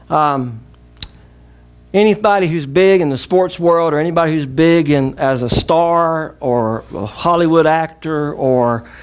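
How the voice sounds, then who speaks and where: Southern US pastor, middle-aged man, slightly high voice, emphatic preaching with call-and-response. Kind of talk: sermon.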